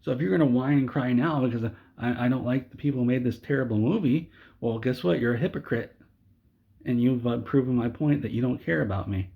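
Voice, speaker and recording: A man's voice: mid-range voice, a little fast, gravelly, slightly rough, narrow, tinny audio. A man delivering an exasperated comedic movie rant, stumbling over and repeating his words. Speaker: video creator.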